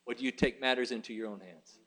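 A man's voice: mid-range voice, fast, bright, forceful tone. A man preaching a sermon, reading scripture aloud and driving his points with rising intensity. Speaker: pastor.

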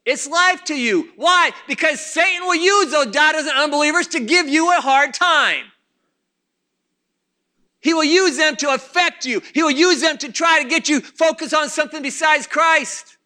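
A male preacher with a very high, piercing voice delivers a fervent sermon. He talks straight to the congregation and circles back over his points again and again. His tone stays tense and sharp throughout. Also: moderate pace.

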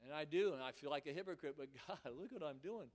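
A man's voice: on the high side, fast talker. A man preaching a fervent sermon in church, often repeating and restarting his words as he presses his point. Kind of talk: impassioned sermon.

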